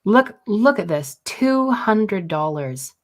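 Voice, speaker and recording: A woman's voice: mid-range voice, big pitch swings, slow pace. A woman co-hosting a podcast in casual chat, explaining her views earnestly. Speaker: podcast co-host.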